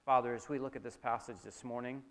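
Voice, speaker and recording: A man's voice: medium pitch, steady tone, quick pace. A male pastor giving a sermon, reading scripture aloud dramatically in a church hall. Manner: dramatic reading, dropping soft for prayer. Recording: long hall reverb.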